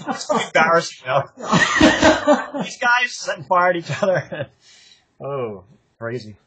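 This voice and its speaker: Speaking slowly with long pauses, this older man has a high voice whose pitch swoops wildly, and the recording is very noisy. As a guest in a casual interview, the veteran running club member tells meandering, foul-mouthed stories from his club years and laughs a lot.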